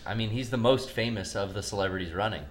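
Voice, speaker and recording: A man in a casual podcast chat who makes quick, joking asides. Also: lowish voice, crowd noise.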